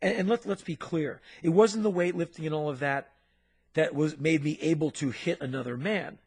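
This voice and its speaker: A man co-hosting a podcast, telling a story in an animated, punchy way with sound effects. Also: a little high, normal speed, husky. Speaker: podcast co-host. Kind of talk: storytelling in casual chat.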